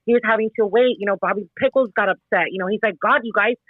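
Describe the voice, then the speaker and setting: High-pitched, frustrated man on the phone. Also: fast talker, no echo. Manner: frustrated, complaining. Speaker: listener in an online audio room. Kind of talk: casual group call. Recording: phone-like, dry audio.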